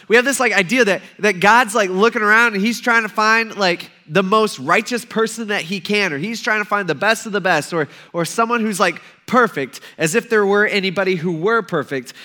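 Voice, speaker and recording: A man's voice: sits high, animated, normal speed, sharp tone. A young man preaching a sermon as pastor, in a casual, conversational way with playful acted asides.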